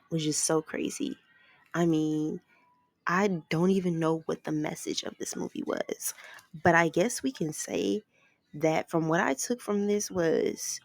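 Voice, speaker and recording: A woman with a fairly low voice casually recaps a movie plot, rambling from one scene to the next and stringing events together with lots of "like" and "ends up." There's no room sound.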